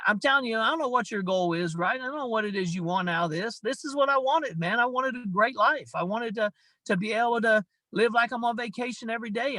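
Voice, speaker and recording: A man's voice: high-pitched, sharp tone, dry recording, rough recording. A man giving a motivational talk on a video call, emphatic and repetitive, tossing in "man" often. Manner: emphatic, repeats himself, says "man" a lot. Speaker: guest speaker on a company video call.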